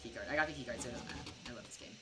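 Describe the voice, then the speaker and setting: A young American woman, tipsy while streaming a game, rambles through a story in a casual, filler-heavy way. Her voice is rumbling low and racing, and the distant mic picks up background noise during this casual gaming-stream chat.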